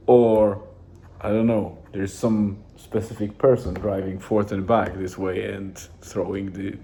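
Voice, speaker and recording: Low, dark-voiced man rambling casually. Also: a little hiss or hum. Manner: rambling, relaxed, with many restarts and fillers. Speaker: vlogger. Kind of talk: casual daily journal vlog.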